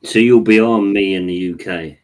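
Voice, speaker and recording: A man with a fairly low voice chatting casually. He talks in an easygoing way and takes his time explaining. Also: unhurried. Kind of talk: casual chat.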